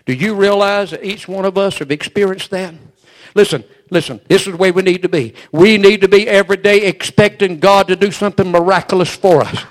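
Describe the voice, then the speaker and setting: A man's voice: high-pitched, a little fast. A man preaching a storytelling sermon, folksy and emphatic, repeating his phrases and adding "amen.".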